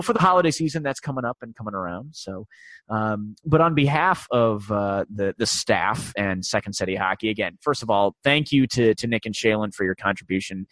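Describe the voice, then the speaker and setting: A man in his forties hosts a casual sports podcast, his voice sitting a little low. He rambles, stopping and restarting with plenty of fillers. The sound is dry and close. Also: fairly bright tone, no room sound. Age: 40s. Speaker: podcast host.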